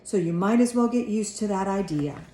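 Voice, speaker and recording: A woman voicing a patient father who keeps his tone even and reasonable. The storybook reading has an echoey room around it. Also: medium pitch, normal speed, slight background noise, natural voice. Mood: calm. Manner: calm, patient. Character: father, a calm patient dad.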